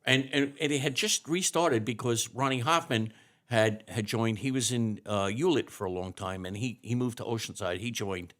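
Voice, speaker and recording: A man's voice: medium pitch, normal speed, fairly bright tone. A man in his sixties, a retired fire chief, telling rambling anecdotes with many restarts as an interview guest. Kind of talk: interview storytelling.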